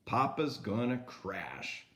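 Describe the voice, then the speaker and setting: A man's voice: medium pitch, very animated, slow, bright, forceful tone, voice pushed down, full character voice. An older man reading a storybook aloud, voicing a level-headed mother bear who keeps her head in a crisis. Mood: calm.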